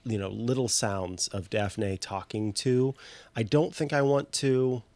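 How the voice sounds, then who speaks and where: A man's voice: mid-range voice, a little slow, darkish tone, dry recording. A man playing in a tabletop game, talking casually with wry jokes. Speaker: player.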